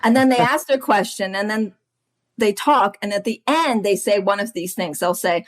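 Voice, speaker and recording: A woman business coach talking as a podcast guest, chatty and animated, often laughing and acting out what other people say. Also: medium pitch, moderate pace. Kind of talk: casual chat.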